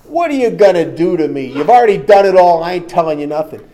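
A man doing a loud, taunting macho spy. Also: high-pitched, animated, fast talker, voice pushed up. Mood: defiant. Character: tough macho male spy, defiant and mocking.

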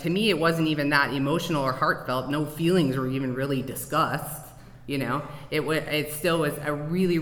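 A man's voice: on the high side, sharp tone. A man sharing personal experiences at a recovery meeting in a loose, conversational way with fillers. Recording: echoey hall.

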